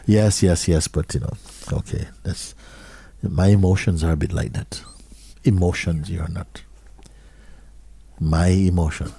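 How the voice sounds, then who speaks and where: A man giving a slow, measured satsang talk as a spiritual teacher, often dropping to soft, hushed phrases. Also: sits low, fairly even intonation, creaky, breathy edge, no room sound.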